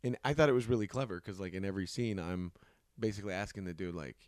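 A young man in casual podcast chat, telling lively anecdotes and slipping into quick put-on voices. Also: sits low, no room sound, studio quality. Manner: animated storyteller, puts on voices in anecdotes.

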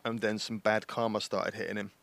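A man's voice: lowish voice, little pitch movement, brisk, gravelly, a bit bright, dry recording. Podcast host, man, easygoing and jokey, dry studio sound. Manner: jokey, playful, drifts into put-on accents. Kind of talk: casual chat.

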